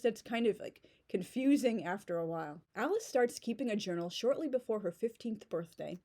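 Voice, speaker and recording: A woman's voice: medium pitch, warm tone. A woman giving a casual spoken book review in a sarcastic, mocking tone.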